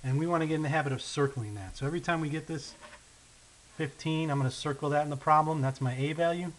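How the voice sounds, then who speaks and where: Here a man works through math word problems step by step in a recorded lesson, patiently thinking aloud while writing. He slows on key numbers and keeps asking "okay?" and "right?" His voice runs a little high, and the rough recording carries a faint hiss.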